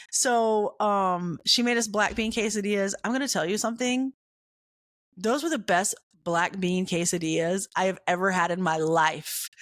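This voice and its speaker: A woman hosting a podcast, telling a comic personal story with animated, dramatic emphasis and repeated punchlines. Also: medium pitch, dry recording, studio quality. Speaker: podcast host.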